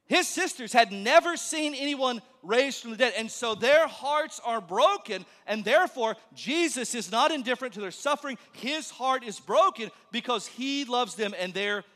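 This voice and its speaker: A male pastor preaching a sermon in a church, conversational and joking, then dropping to a hush for emphasis. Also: extremely high pitch, lively intonation, normal speed, few pauses. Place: church sanctuary. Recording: long reverb of a large hall.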